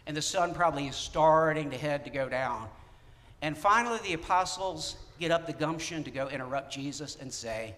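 Male pastor, fairly high voice, chatty sermon delivery, church hall reverb. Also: normal speed. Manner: conversational, animated preaching with asides.

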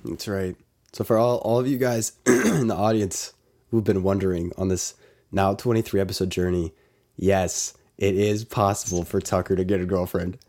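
A man's voice: low voice, steady tone, moderate pace, darkish tone. A young man co-hosting a casual podcast, joking and playful, a bit sick and coughing. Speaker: podcast co-host.

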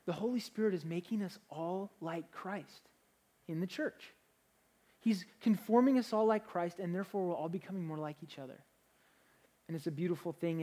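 A young man, a pastor, preaching a sermon in an energetic, conversational way, with frequent restarts. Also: high-pitched.

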